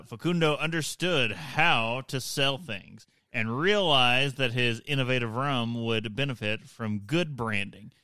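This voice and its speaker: A man's voice: medium pitch, bright, forceful tone, smooth, dry recording. A man hosting a podcast, reading notes on history aloud and breaking off into jokes with a laugh. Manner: laughs often, reads then jokes aside. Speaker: podcast host.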